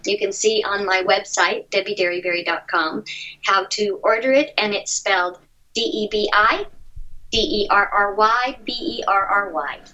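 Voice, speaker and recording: A woman's voice: mid-range voice, pushed and bright. Chatty woman on a muffled line. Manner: chatty, upbeat, quick asides. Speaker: voice actress guest. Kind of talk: casual interview answers.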